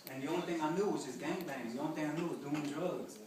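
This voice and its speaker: Before an audience in a large hall, a young man gives an earnest personal testimony, speaking plainly and saying "you know" often. His voice is a little high and he talks fast. The mic is distant, the hall very echoey, and a crowd can be heard behind him.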